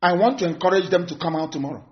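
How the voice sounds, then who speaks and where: A man's voice: sits high, racing. A Nigerian man giving a fiery, scornful political broadcast, repeating phrases for emphasis. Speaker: activist addressing followers. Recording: dull lo-fi recording.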